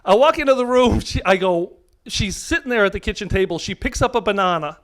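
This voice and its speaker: A man's voice: high voice, lively intonation, a little fast. A middle-aged American man doing a stand-up comedy set on stage, delivering crude punchlines in a brash way into a handheld mic. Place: comedy venue stage before a live audience. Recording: live set drowned by loud crowd laughter.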